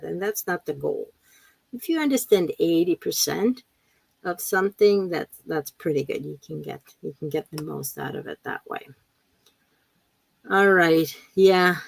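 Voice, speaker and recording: A woman teacher trainer giving a relaxed live webinar talk, often repeating words and reading chat questions aloud. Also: low voice, vocal fry, no room sound, poor audio. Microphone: computer mic on a video call.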